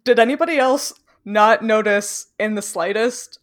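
A woman's voice: on the high side, moderate pace. A young woman from Canada in casual chat, chatty, explaining at length and laughing often.

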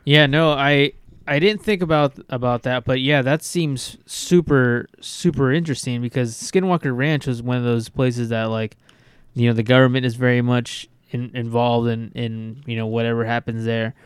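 A man's voice: mid-range voice, steady tone, moderate pace, smooth, no echo. A man co-hosting a podcast in casual chat, rambling and swearing with lots of restarts. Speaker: podcast co-host.

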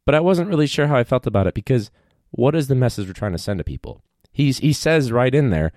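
A man who is a high school teacher, talking in a casual, rambling monologue with a wry tone and free swearing. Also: expressive, fast talker, darkish tone, dry recording, studio quality.

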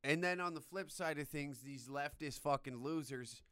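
A young man with a crude, loud and sarcastic manner, delivering a profane comedic rant into a close mic. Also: a little high, normal speed, clear, resonant tone, dry recording. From Canada.

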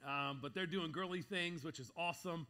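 A man with a high voice preaches to a congregation. He tells a funny story in an animated way. He acts out voices and laughs at his own lines, with a bright, forceful tone. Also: normal speed. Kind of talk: sermon storytelling.

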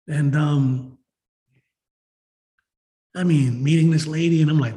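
A man's voice: fairly high pitch, fairly even intonation, slow, pauses often, warm tone. A man, giving a rambling, emotional personal testimony at a recovery meeting, full of "you know" and "like.". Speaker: recovery meeting member sharing.

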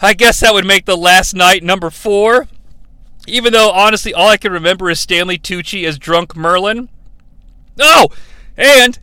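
A man's voice: high-pitched, pushed and bright, clear, resonant tone, dry recording. A man hosting a countdown show in casual commentary, enthusiastic and rambling into asides, often laughing as he talks.

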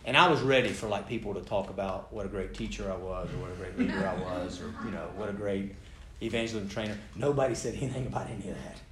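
Animated American man telling a sermon story. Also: lowish voice, quick pace, a crowd in the background. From United States. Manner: animated, self-deprecating humor. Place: room with a live audience. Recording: roomy hall sound, faint background noise.

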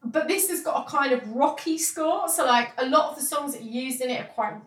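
A woman co-hosts a casual podcast, talking about games with bright enthusiasm and frequent laughter. Her voice sits fairly high. The sound is echoey, as if recorded in a bare room. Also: brisk. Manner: chatty, enthusiastic, laughs often. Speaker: podcast co-host. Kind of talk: casual chat.

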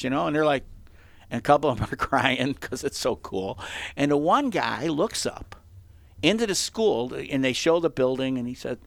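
A man telling a story in casual chat as a host, animated and acting out the quotes, with frequent laughs. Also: medium pitch, gravelly, no room sound.

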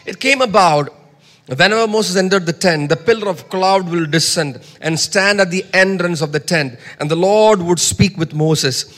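A man preaching a sermon, reading scripture loudly and dropping to soft asides. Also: high voice, moderate pace, in a large hall. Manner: emphatic, swings between soft asides and loud scripture reading.

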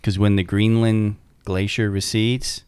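A man co-hosting a casual podcast chat, animated and quick to laugh and swear. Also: lowish voice, smooth, dry recording. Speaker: podcast co-host.

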